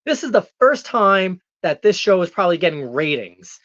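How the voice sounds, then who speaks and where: A man's voice: sits high, sing-song, moderate pace, a bit bright, no room sound. A man playing a brash, arrogant male heel wrestler persona as a guest on a talk show, ranting and taunting in character. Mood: cocky. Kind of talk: in-character comedic rant. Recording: dull, dry lo-fi sound.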